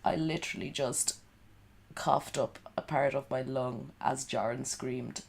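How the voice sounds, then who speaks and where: A woman's voice: extremely low pitch, unhurried, creaky. A woman streaming from home at night while sick and coughing, rambling in sweary, sarcastic casual chat. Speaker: livestreamer.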